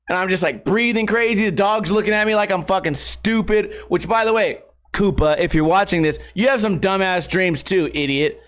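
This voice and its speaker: A young man hosting a solo podcast, telling rambling, profane stories in a casual, animated way. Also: high voice, a little fast. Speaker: podcast host.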